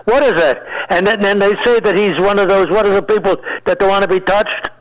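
A man's voice: high-pitched, fairly even intonation, brisk, poor audio. Rambling joking man in his nineties. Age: 90s. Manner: rambling, joking, searches for words, laughs at own jokes. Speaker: comedian guest. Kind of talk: casual joking chat.

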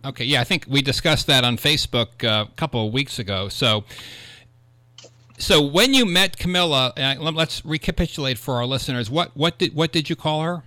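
A man's voice: medium pitch, lively intonation, brisk, sharp tone, no echo. A man from Ohio, hosting a radio chat and asking curious questions. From Ohio, United States. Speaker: radio host.

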